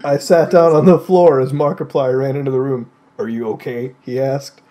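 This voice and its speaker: A man's voice: mid-range voice, fairly even intonation, normal speed, noisy background. A man reading a joke story aloud with friends, breaking into laughter and swearing in exasperated asides. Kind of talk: comic read-aloud on a group call.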